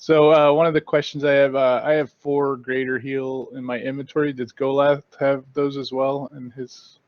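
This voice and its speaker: A man's voice: medium pitch, level tone, moderate pace, no room sound, lo-fi sound. A man playing a tabletop game over voice chat, asking hesitant questions full of fillers. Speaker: player.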